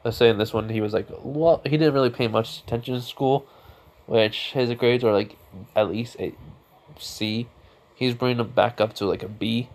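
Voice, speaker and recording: A man's voice: mid-range voice, normal speed, a little mellow. A man improvising a fan story aloud, rambling with many fillers and self-corrections.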